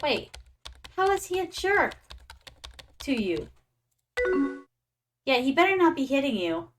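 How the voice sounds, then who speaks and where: A woman's voice: high-pitched, sing-song, slow, faint music behind. A young adult woman streaming a game, chatting playfully and calling her viewers "my darlings". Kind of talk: casual gaming stream chat.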